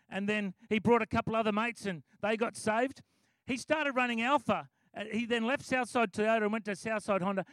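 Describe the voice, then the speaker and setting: A man's voice: sits high, fairly bright tone, no echo. A middle-aged Australian man sharing a testimony in a sermon, enthusiastic and conversational. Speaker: preacher giving testimony.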